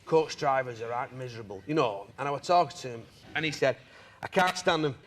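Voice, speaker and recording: A man telling animated anecdotes on a chat show, mimicking voices and laughing often. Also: medium pitch, fast talker. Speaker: comedian guest. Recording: studio audience laughter, noisy.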